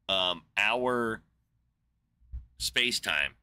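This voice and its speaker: Deep, sharp-voiced man ranting profanely. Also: expressive, takes it slowly, no echo. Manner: rambling, profane, filler-heavy, incredulous. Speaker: podcast host. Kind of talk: casual profane rant.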